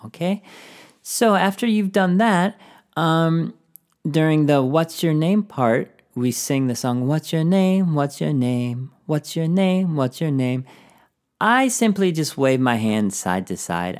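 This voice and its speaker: A man's voice: mid-range voice, darkish tone. A man hosting a teaching podcast, giving encouraging classroom tips and often singing short phrases.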